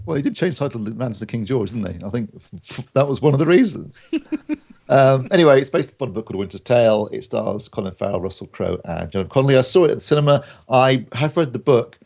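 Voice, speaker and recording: A man's voice: medium pitch, animated, fast, vocal fry, a little mellow, breathy edge. A man co-hosting a podcast, rambling through film reviews with plenty of ums and restarts and dry jokes. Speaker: podcast co-host reviewing films. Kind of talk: casual chat.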